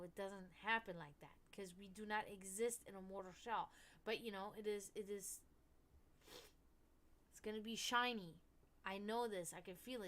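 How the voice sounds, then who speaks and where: A woman hosting a stream and chatting casually and frankly, swearing often and rambling with many restarts, dropping to murmurs and then rising to loud outbursts. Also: mid-range voice. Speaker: stream host. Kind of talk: casual esoteric chat.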